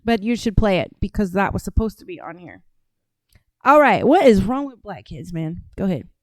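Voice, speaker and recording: A woman's voice: mid-range voice, big pitch swings, normal speed, a little mellow, no room sound. A woman from Atlanta hosting a podcast, talking casually and bluntly with lots of profanity while reacting to clips. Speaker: podcast host. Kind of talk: casual commentary on played clips.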